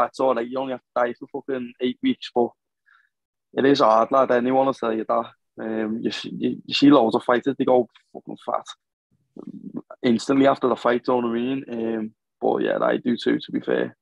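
Gravelly, blunt young man. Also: medium pitch, dry recording, rough recording. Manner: blunt and sweary, calls everyone lad. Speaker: MMA fighter guest. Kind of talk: casual podcast chat.

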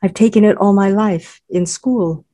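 A woman's voice: mid-range voice, measured pace, warm tone, natural voice. A woman voicing a young, coy and blasé Korean woman who speaks with a slight accent, during a reading of her own essay.

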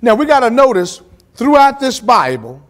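A pastor leads a church Bible study, his voice sitting high for a man and swooping all over. He preaches with dramatic pauses and acts out the quotes, dropping casual asides in a church setting. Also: sing-song.

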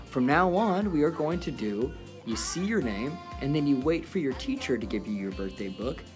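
A woman on the school morning news, her voice low and full of rise and fall. She talks slowly and explains each point to young listeners. Music plays clearly beneath her. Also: lively intonation. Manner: slow, explanatory, addressing young students.

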